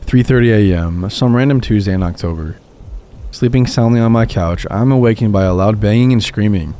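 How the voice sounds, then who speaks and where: A man narrating true scary stories in a calm, scripted storytelling read. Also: on the low side, fairly quick. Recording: voice-over with music behind.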